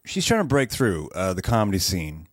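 A man's voice: low-pitched, wildly swooping pitch, moderate pace, no echo. A male co-host making sarcastic, dry commentary in casual chat, swearing and trailing off mid-sentence.

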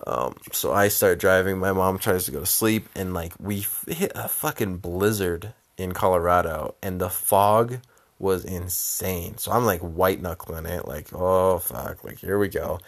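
A man's voice: sits low, a little slow. A young man telling a long road-trip story in a rambling, casual way, with constant filler words and frequent swearing.

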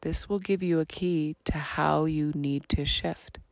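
A woman hosting her own podcast, talking in a slow, earnest, reflective monologue that drifts into soft half-whispers. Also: deep voice, steady tone, creaky, no echo. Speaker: podcast host.

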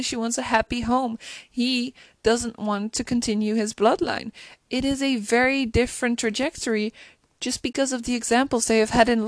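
A woman's voice: on the high side, no room sound. Gushing chatty woman reviewer. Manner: gushing, chatty, many restarts. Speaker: show reviewer. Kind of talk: casual episode recap.

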